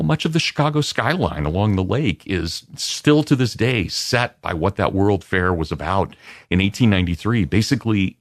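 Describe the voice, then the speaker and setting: A man answering interview questions as a guest historian, in an expansive, lecturing way with lively emphasis. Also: fairly low pitch, dry recording, studio quality.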